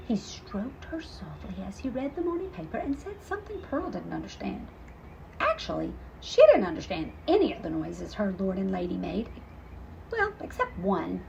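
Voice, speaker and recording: A woman teacher reading a children's picture book aloud, expressive and chatty with asides to young listeners. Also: mid-range voice, vocal fry, dull audio, a little hiss or hum. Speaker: storytelling teacher.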